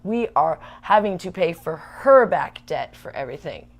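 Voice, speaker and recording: A woman's voice: on the low side, big pitch swings. Ranting, worked-up woman. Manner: ranting, worked up, fast and emphatic. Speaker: livestream vlogger. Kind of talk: casual venting chat.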